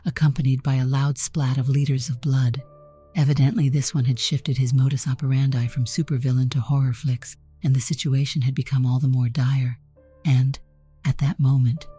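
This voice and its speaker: A woman narrating a first-person story in an even, measured way. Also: rumbling low, slightly rough.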